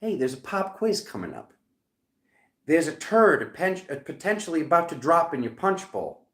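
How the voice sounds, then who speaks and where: A man's voice: a little high, big pitch swings, moderate pace, fairly bright tone. Joking Rhode Island man in a roomy echo. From Rhode Island, USA. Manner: rambling, joking asides. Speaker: tarot reader. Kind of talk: casual tarot reading vlog.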